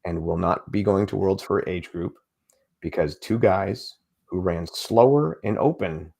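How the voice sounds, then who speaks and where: Gravelly low male co-host, opinionated and plainspoken. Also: unhurried, a little mellow. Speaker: podcast co-host. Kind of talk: casual podcast chat.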